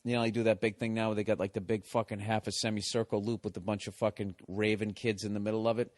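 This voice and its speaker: Profane, exasperated comedian ranting. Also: male voice, fairly low pitch, flat delivery, quick pace, no echo, clean studio sound. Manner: profane, exasperated, heavy swearing; self-corrects and restarts mid-story. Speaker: comedian and podcast host. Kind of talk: casual storytelling rant.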